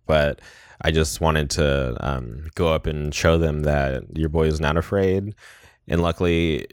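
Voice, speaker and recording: A man's voice: very deep voice, no echo, clean studio sound. A man hosting a podcast, casually recapping a movie and rambling with lots of "like" and "um". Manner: rambling, heavy use of "like" and "um". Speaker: podcast host.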